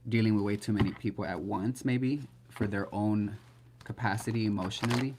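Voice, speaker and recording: A man's voice: on the low side, noisy background. A man giving a casual live-stream tarot reading, blunt and chatty, swearing freely. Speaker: tarot reader.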